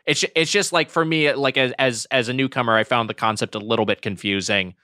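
A man co-hosting a podcast, giving a casual food review in a halting, stop-start way with many restarts. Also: mid-range voice, steady tone, bright, forceful tone, dry recording, studio quality. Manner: halting, restarts often, laughs a lot. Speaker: podcast co-host.

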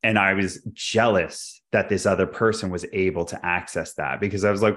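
A man's voice: low-pitched, a bit bright. A man co-hosting a podcast, talking candidly and reflectively in casual chat. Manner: candid, reflective, quick to laugh. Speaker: podcast co-host.

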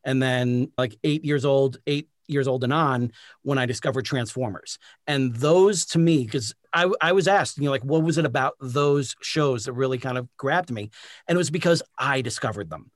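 A man in his forties hosts the interview in a casual, eager way, often affirming the guest. His voice sits at an ordinary middle pitch and the recording is dry and close. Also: normal speed, no echo. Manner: eager, affirming, loose with fillers. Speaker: interview host.

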